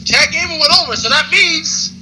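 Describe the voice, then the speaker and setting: A man's voice: very high-pitched, normal speed. A man co-hosting a casual wrestling recap podcast, rambling and joking with many fillers. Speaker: podcast co-host. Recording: noisy background.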